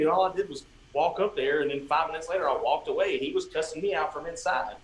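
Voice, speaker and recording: A man's voice: on the high side, expressive, fast, few pauses, a bit bright. A man casually telling a long story on a livestream, swearing freely and acting out what people said. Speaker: guest musician. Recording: echoey room with faint ambient noise.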